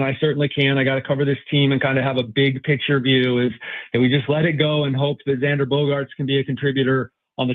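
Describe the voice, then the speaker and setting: A man who writes about sports, talking as a guest on a radio show in a rambling, hesitant way with many restarts. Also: medium pitch. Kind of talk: casual sports talk. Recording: tinny phone line.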